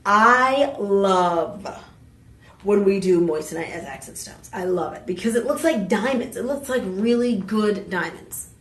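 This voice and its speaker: A woman hosting a live home shopping show, pitching jewelry in a chatty, exuberant way with playful asides. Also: a little slow, darkish tone. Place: TV shopping studio. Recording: roomy studio sound, mic at a distance.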